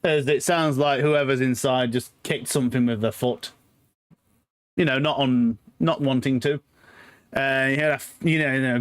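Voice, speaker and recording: A man with a medium-pitched, clean-toned voice runs a tabletop game as game master. He narrates in a relaxed, halting way with lots of fillers, and the recording is dry.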